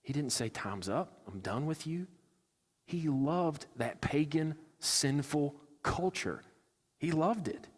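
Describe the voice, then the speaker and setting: A man's voice: fairly high pitch, animated, slow pace. A male pastor preaching a sermon, earnest and conversational, slipping into acted-out asides. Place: church sanctuary. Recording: church hall with long reverb.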